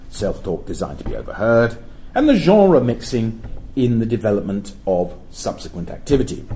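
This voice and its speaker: A middle-aged man giving an academic lecture at a university, explaining in a measured way and sometimes correcting himself mid-sentence. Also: lowish voice, warm tone, slight background noise, rough recording. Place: lecture hall.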